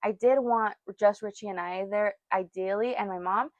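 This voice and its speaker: A woman's voice: mid-range voice, normal speed, no echo. A young woman co-hosting a casual podcast chat, telling a personal story with frequent laughter and quoted voices. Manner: chatty, laughs often, acts out quotes. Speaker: podcast co-host.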